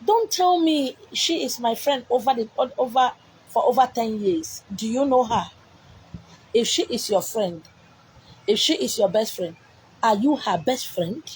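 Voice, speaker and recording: A woman's voice: fairly high pitch, animated, unhurried, darkish tone, a little hiss or hum, poor audio. A woman with a Nigerian accent delivering a spiritual message, repeating herself emphatically and scolding with rhetorical questions. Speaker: spiritual messenger. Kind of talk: preached message to viewers.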